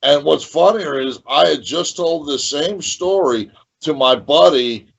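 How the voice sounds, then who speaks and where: A man, a professional wrestler, telling a lively story in a podcast interview and repeating phrases as he goes. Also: on the high side, a little slow, vocal fry, slightly rough, muffled recording.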